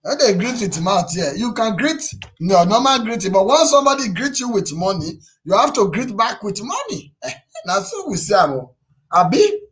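A man's voice: high voice, normal speed. A man with a Nigerian Pidgin English accent hosting a casual live stream, teasing viewers and reading out their comments. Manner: animated, teasing, reads viewer comments aloud. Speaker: YouTube live stream host.

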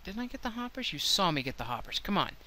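A woman's voice: mid-range voice, very animated, fast, sharp tone, a little hiss or hum. Chatty older woman narrating gameplay. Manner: chatty, thinks aloud, self-deprecating. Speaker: let's play host. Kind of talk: gameplay commentary.

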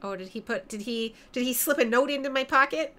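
A woman's voice: sits high, fairly quick, pushed and bright. A woman, chatting and joking as she streams a video game. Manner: joking, chatty, reacting aloud. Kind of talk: casual gaming commentary.

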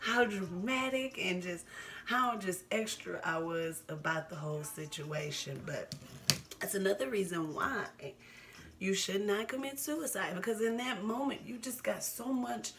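Speaking unhurriedly in a medium-pitched voice, a twentysomething woman vlogger talks casually and openly to the camera. She laughs a lot and says things more than once to drive them home.

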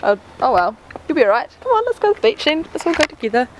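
A woman's voice: high voice, sing-song, fast, low-quality recording. A woman chatting casually in a family vlog, playful, cooing at her pets. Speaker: vlogger. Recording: home camera with clear background noise.

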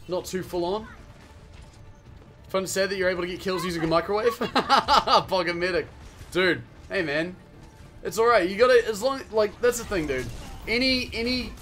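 A young man with a New Zealand accent, chatting casually and excitably while streaming a game, swearing and yelling at the action. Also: sits high. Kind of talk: casual live-stream gameplay chat.

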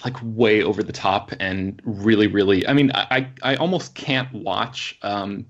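A man from Florida co-hosting a podcast, talking in a relaxed way and laughing easily. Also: fairly low pitch, unhurried. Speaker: podcast co-host. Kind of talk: casual podcast chat. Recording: dull lo-fi sound.

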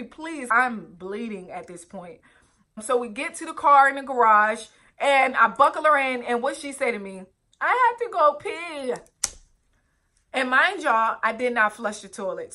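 A woman's voice: a little high, bright, forceful tone. A young woman vlogger telling a personal story earnestly, with direct asides to her viewers. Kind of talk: storytime vlog, recounting a personal ordeal.

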